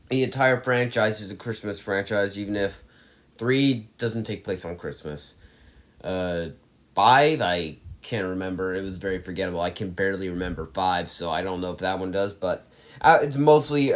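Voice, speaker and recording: A young man talking casually as he ranks movies, ranting with emphatic exasperation and sighs. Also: fairly low pitch. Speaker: movie reviewer. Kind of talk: casual ranking monologue.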